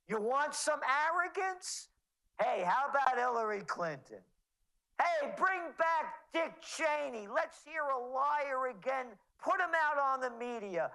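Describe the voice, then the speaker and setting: A man's voice: extremely high pitch, sing-song, unhurried, pushed and bright, low-quality recording. A man being interviewed as a trends forecaster, talking in a sarcastic, mocking way. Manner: sarcastic, mocking, rattling off names. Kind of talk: interview commentary.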